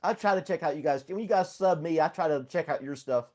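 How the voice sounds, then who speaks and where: A man's voice: on the high side, quick pace, darkish tone. A man hosting a casual live stream from home, rambling easily, laughing often and greeting viewers by name. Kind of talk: casual chat with live chat readers.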